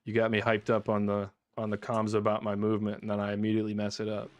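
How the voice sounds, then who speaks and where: A man's voice: on the low side, completely flat delivery, fast talker, no room sound, lo-fi sound. Chatty male game streamer, dry close mic. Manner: chatty, talks to chat, bursts of laughing frustration. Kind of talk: live gameplay commentary.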